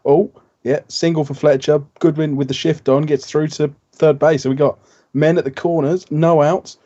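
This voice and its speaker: A man's voice: fairly high pitch, steady tone, moderate pace, mellow, highs cut off. A man co-hosting a live baseball chat show, enthusiastic and knowledgeable about players. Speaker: co-host.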